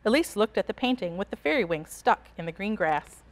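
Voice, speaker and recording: A woman reading a picture book aloud to children in an expressive, animated storytelling voice. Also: mid-range voice, brisk. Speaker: storybook reader.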